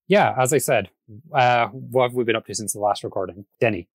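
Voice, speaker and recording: A man hosting a casual podcast, chatty and quick to laugh, often restarting his sentences. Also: medium pitch, husky, dry recording. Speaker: podcast host.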